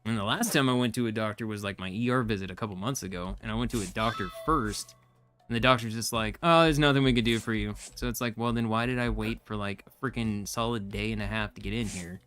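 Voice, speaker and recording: A man's voice: fairly low pitch, steady tone, fast, fairly bright tone, faint music behind. A young man streaming a game, chatting casually and venting in a rambling, frustrated way with lots of fillers. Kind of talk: casual live-stream chat while gaming.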